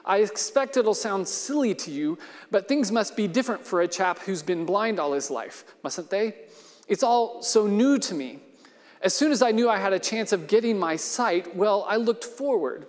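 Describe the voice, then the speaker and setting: A man reading aloud as an earnest, frustrated man who was born blind and now demands answers. His voice sits fairly high and carries a long, ringing hall reverb. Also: lively intonation, moderate pace. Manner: pressing, insistent questions.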